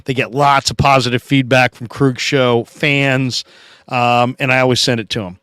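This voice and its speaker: Host, male, middle-aged: laid-back live-stream chatter, close dry mic, mid-pitched voice. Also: little pitch movement, a bit bright, clear, resonant tone, no room sound. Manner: chatty, laid-back, reads comments aloud with quick asides. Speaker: podcast host reading viewer comments. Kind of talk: casual live-stream chat.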